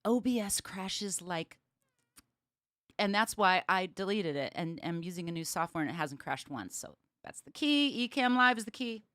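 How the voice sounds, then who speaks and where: A woman hosting her own livestream as a bass player, chatting casually with viewers and laughing often. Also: lively intonation, normal speed, a bit bright, dry recording, clean studio sound. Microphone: streaming setup with cameras.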